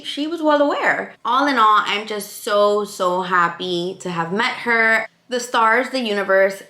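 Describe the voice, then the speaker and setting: Woman vlogger, mid-pitched, lively storyteller, recorded in an echoey room. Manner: animated storytelling, acting out quoted dialogue. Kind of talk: casual storytime vlog.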